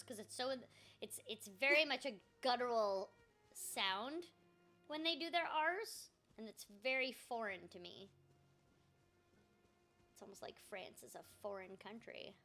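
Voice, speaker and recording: High bouncy young woman gaming and chatting, lots of ups and downs in her voice, talks to herself a bunch. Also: expressive, moderate pace, pushed and bright, soft background music. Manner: chatty, muttering to herself, self-mocking. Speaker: voice actor streaming a game. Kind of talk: casual gameplay chat.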